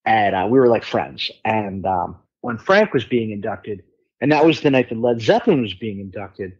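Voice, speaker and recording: A man's voice: lowish voice, expressive, normal speed, husky, highs cut off. A middle-aged man, a musician guest on a podcast, telling stories in a candid, rambling way, swearing freely and using many fillers. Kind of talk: casual storytelling chat.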